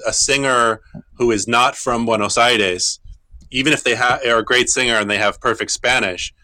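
A middle-aged man with a bright, forward voice gives explanatory interview answers as a guitar teacher. He talks thoughtfully, often stopping and restarting his sentences. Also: mid-range voice. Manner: thoughtful, halting, with frequent restarts.

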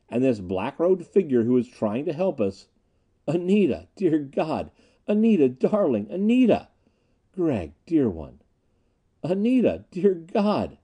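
A man giving a dramatic, expressive audiobook narration. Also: medium pitch.

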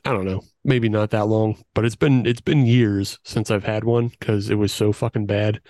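A man's voice: fairly low pitch, steady tone, moderate pace, mellow, no echo. A man co-hosting a casual podcast, talking bluntly and swearing freely while laughing often. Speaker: podcast co-host. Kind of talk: casual chat over beers.

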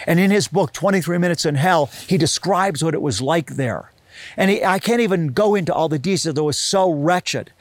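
Male preacher, fairly high voice, dry close sound; reads scripture and expounds it earnestly. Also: dry recording. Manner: reads scripture aloud, then explains it with earnest emphasis. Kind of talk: sermon.

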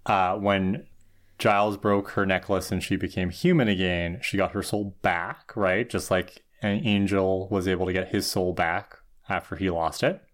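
A man's voice: low voice, steady tone, normal speed. A man co-hosting a podcast, thinking aloud in casual chat about an episode. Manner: thoughtful, reasons things through with qualifiers. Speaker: podcast co-host.

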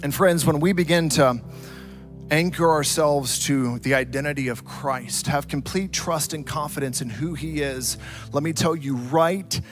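A man preaching a sermon, telling a story dramatically and swinging from loud to hushed. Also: a little high, measured pace, faint music behind. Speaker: pastor.

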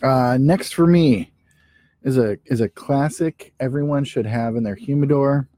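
A man with a mellow, warm voice co-hosts a casual podcast chat in a playful, joking way. His voice sounds dry and close, with no room around it. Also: mid-range voice, a little slow, no echo. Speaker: podcast co-host.

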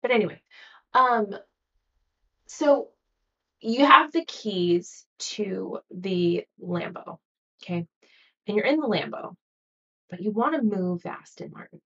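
A woman hosts a motivational podcast in a soft, coaching way and now and then acts out an anxious inner voice. Her voice sits at a middle pitch. It is heard from a little way off the mic, and the recording sounds dull and muffled. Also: lively intonation, slow pace, long pauses, distant mic. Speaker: podcast host. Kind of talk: motivational solo podcast talk.

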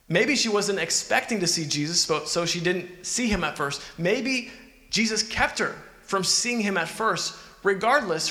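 A man's voice: high-pitched, bright, forceful tone. A man preaching a sermon in an earnest, conversational way, asking the listeners questions. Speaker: pastor. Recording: echoey hall with long reverb.

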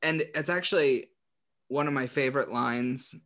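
A man chatting casually as a podcast co-host, laughing as he retells scenes in quick quoted voices. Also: mid-range voice, fairly bright tone. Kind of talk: casual chat.

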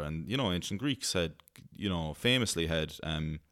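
A man's voice: deep voice, animated, moderate pace, fairly bright tone, no echo. A male podcast host rambling in casual chat, laughing easily and swearing freely.

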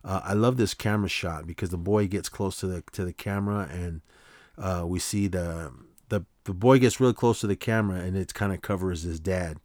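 With a darkish tone and moderate pace, this deep-voiced man recaps a short film's plot on his podcast in a loose, rambling way. Fillers and restarted sentences are frequent, and the sound is close and dry without room echo.

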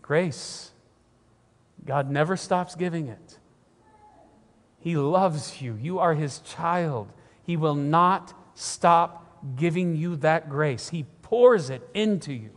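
Middle-aged male pastor, emphatic sermon delivery, high pitch, long hall reverb. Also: takes it slowly. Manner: earnest, emphatic preaching, often repeats himself.

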